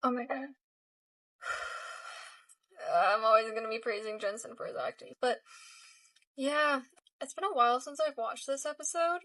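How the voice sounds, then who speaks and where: Woman reacting to a TV show, gushing, emotional, chatty, higher voice, a little distant from the mic. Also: moderate pace, long pauses, pushed and bright. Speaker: reaction video creator. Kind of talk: casual reaction commentary.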